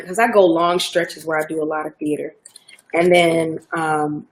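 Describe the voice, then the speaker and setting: A woman's voice: fairly low pitch, measured pace, fairly bright tone. A woman from Georgia with a Southern American accent, a guest in a casual interview, chatting loosely with lots of fillers and restarts. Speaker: actor guest.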